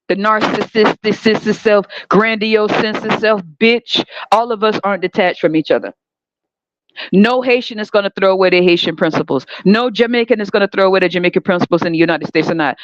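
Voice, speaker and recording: A woman's voice: medium pitch, no echo. Woman ranting bluntly on a lo-fi recording. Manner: blunt, heated, sarcastic, swears heavily. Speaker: podcast host. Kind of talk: profane ranting monologue. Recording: dull lo-fi dry recording.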